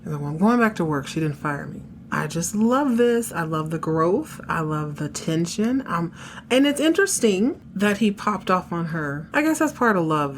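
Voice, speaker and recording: A woman's voice: lowish voice, slight background noise. A woman hosting a podcast, recapping a TV episode in a candid, slangy, opinionated chat. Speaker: podcast host.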